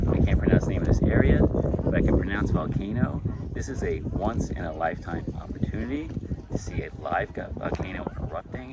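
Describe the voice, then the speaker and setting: A man hosting a travel vlog outdoors, talking excitedly and out of breath after a steep hike. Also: deep voice. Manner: enthusiastic, exclaiming at the view. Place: outdoors on a windy hillside. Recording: loud wind noise outdoors. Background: wind.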